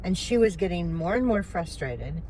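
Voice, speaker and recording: An older woman with a low voice talks to her viewers from a car, upset and trying hard not to cry. Heavy road noise rumbles under her words throughout. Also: lively intonation, moderate pace. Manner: upset, recounting an argument, holding back tears. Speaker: vlogger. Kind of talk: emotional personal vlog.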